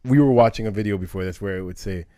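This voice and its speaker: A man co-hosting a casual podcast chat, walking through history in a relaxed conversational way. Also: lowish voice, fast talker, no echo, studio quality. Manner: explains history conversationally, with restarts and fillers. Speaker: co-host.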